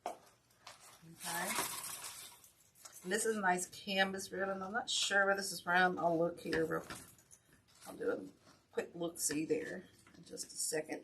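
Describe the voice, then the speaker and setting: Woman host, slow and low, tired and chatty, noisy background. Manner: tired, self-deprecating, chatty with viewers. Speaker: wreath-making channel host. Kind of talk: casual craft tutorial live stream. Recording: steady background noise.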